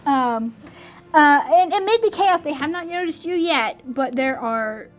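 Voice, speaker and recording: A woman narrating as dungeon master, animated and giggly, often breaking into shrieking little voices. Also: sits high, measured pace. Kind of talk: narrating a tabletop game.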